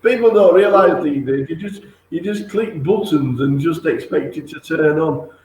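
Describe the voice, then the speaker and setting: A man's voice: on the high side, moderate pace, darkish tone, echoey room, rough recording. A man hosting a casual interview, eager and reactive, laughing along with his guest. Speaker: interview host.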